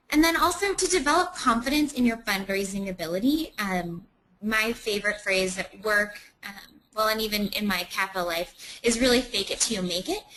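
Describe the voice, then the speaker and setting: A woman's voice: medium pitch, fairly bright tone, slight background noise, low-quality recording. A woman presenting a webinar in a chatty way, with many ums.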